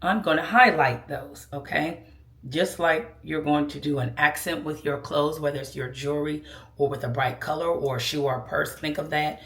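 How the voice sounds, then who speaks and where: A woman's voice: low-pitched, fairly even intonation, normal speed, a bit bright. A woman giving a casual makeup tutorial, chatty and sassy, calling viewers girl and child. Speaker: beauty vlogger. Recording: echoey room.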